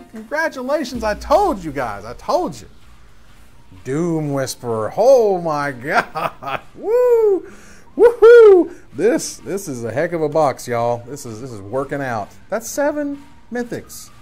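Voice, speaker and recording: A woman hosting a live stream, hyped up and whooping, calling the viewers y'all as she opens card packs. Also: medium pitch.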